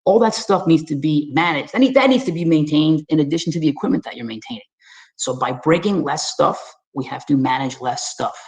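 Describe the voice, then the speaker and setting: A Staten Island man with a New York accent runs through webinar slides, talking directly to his viewers in a lively, folksy, chatty style. His voice sits on the higher side and moves a little quickly, and the recording is rough.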